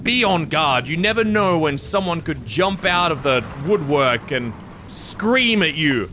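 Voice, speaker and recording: A man's voice: a little high, big pitch swings, measured pace, background noise. Jumpy, jokey man playing a horror game. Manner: jokey, rambling, easily startled. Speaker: gaming video creator. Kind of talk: gameplay commentary.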